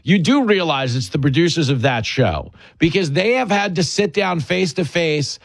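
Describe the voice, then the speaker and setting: A man's voice: fairly high pitch, expressive, moderate pace, gravelly, no room sound. A man hosting a talk show, joking with a guest in loose comedic banter and laughing often. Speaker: radio host.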